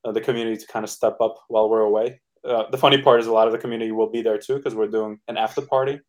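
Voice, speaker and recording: A man in a casual podcast interview, speaking in a relaxed, upbeat way with lots of "uh" and "like". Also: on the low side, racing. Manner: relaxed, filler-heavy, upbeat. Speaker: NFT project co-founder guest.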